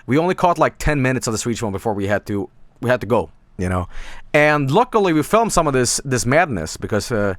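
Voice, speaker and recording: A man's voice: mid-range voice, very animated, brisk, no room sound. Rambling man streamer, dry close mic. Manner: rambling, many fillers and restarts, swears casually. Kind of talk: casual stream chat.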